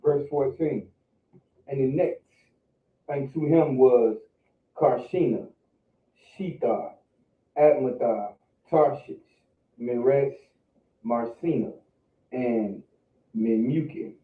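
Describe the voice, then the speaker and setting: A man reads Bible verses aloud at a steady, plain pace. He is far from the mic in an echoing room. The sound is narrow and phone-like. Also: medium pitch, slow, long pauses. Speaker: class member reading scripture. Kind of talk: reading scripture aloud.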